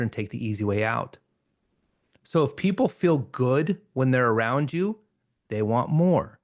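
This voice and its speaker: Man, NLP trainer, live seminar, mid-range voice, energetic, conversational, acts out examples. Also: mid-range voice.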